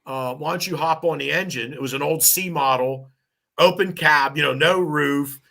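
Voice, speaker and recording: A man in his fifties, a firefighter lieutenant, telling animated, swearing stories on a podcast. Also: a little high, moderate pace, gravelly. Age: 50s. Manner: animated, laughing, swearing storyteller. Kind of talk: casual storytelling.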